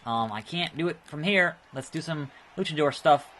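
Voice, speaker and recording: A man's voice: on the high side, lively intonation, moderate pace, slight background noise. Chatty male let's play host. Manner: chatty, reacts loudly to the game. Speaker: gaming video host. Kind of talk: casual let's play commentary.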